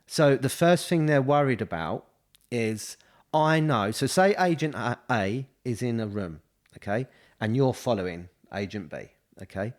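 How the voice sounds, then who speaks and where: With an expressive, medium-pitched voice and an unhurried pace, an estate agent co-hosts a casual podcast into a studio mic. His talk wanders, littered with false starts and fillers like "you know".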